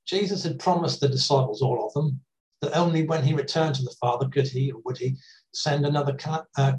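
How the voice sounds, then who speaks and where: A man preaching a sermon in a conversational, gently humorous way, with pauses and restarts. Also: mid-range voice, recorded from a distance, rough recording.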